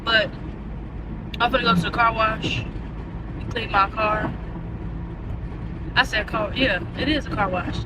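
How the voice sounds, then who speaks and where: A young woman vlogging in her car, ranting in an animated, exasperated way with lots of slang. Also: on the high side, recorded from a distance, noisy background. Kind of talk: casual chat.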